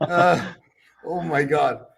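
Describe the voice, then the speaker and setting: An older man with a German accent, a bodybuilder guest telling animated stories, acting out quotes with loud bursts and laughter. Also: fairly high pitch, slow, creaky. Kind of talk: animated storytelling.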